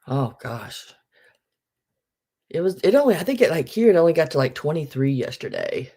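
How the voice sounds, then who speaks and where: A middle-aged woman, freshly woken and still groggy, hosts a live online sale, rambling in casual chat and greeting each viewer by name. Her low voice is warm and slightly rough, very animated, at a normal speed.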